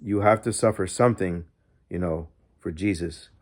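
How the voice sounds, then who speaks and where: A man voicing a gentle consoling guardian angel. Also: low voice, moderate pace. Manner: very gentle, soft and hushed.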